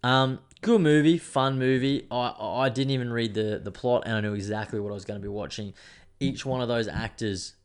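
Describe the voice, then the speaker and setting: A man's voice: mid-range voice, a little fast, clean tone. A young adult man, hosting a podcast in a rambling, sweary, laid-back casual chat. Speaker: podcast host.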